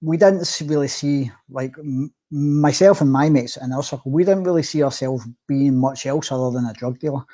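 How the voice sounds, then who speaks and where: A man hosts a podcast in casual conversation. His voice is dark and mellow, and he speaks reflectively, often stopping and restarting his sentences. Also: medium pitch. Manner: relaxed, reflective, halting restarts. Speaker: podcast host.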